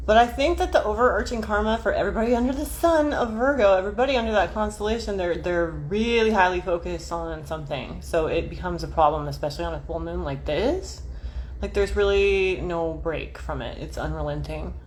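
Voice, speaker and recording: A woman's voice: fairly low pitch, a little fast, a little hiss or hum. A woman in her forties, livestreaming astrology talk from home in front of her camera, chatting to viewers in a scattered, self-deprecating way with frequent swearing. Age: 40s. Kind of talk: rambling livestream chat.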